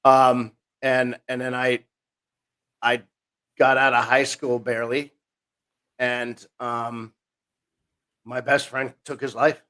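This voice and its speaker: Speaking slowly with long pauses in a mid-range voice, a New Jersey man in his 50s recounts his life as a podcast guest. He wanders and cuts himself off, acting out the retelling with quoted voices.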